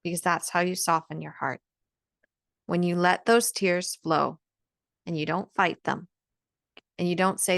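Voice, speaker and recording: A woman's voice: fairly low pitch, fairly even intonation, unhurried, gravelly, long pauses, a bit bright, dry recording, clean studio sound. A woman speaking straight to camera in an earnest, emphatic motivational talk, often repeating words as she presses a point. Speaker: vlogger giving encouragement.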